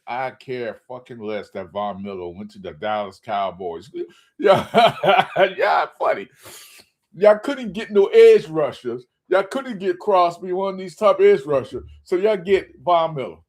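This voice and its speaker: A man's voice: on the high side, lively intonation, a little slow, darkish tone. Mocking man ranting about football. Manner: mocking, ranting, laughing often. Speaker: sports channel host. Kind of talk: casual sports rant.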